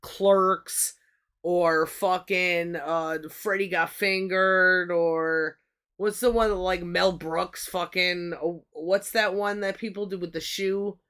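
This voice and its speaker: A woman's voice: lowish voice, fairly even intonation, slow, fairly bright tone, clear, resonant tone. A woman hosting a livestream in loose, rambling chat, swearing often and restarting her sentences. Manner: profane, rambling, with frequent restarts. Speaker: livestream host.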